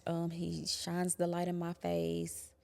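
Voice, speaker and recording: A young adult woman quietly recounting a painful personal experience, halting and sometimes dropping to a whisper. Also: on the low side, completely flat delivery, gravelly. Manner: quiet, halting, drops to a whisper at hard moments. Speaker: guest telling her story. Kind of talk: personal testimony.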